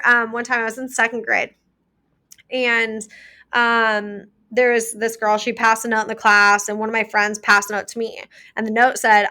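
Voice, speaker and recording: A young woman hosts a solo podcast in a casual, chatty way, offering earnest advice studded with many "like" fillers. Her voice is a little high and bright, with a forceful tone.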